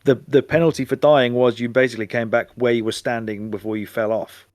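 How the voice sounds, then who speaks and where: A man's voice: medium pitch, little pitch movement, quick pace, darkish tone, no room sound, clean studio sound. A man co-hosting a podcast in casual chat, wry and complaining. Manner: wry, complaining, acts out inner thoughts in quotes. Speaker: podcast co-host.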